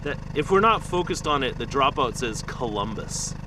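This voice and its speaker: A man chatting to the camera while trash picking outdoors at night, excitable, through a small camera-mounted mic. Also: medium pitch, moderate pace, noisy background. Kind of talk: casual vlog narration.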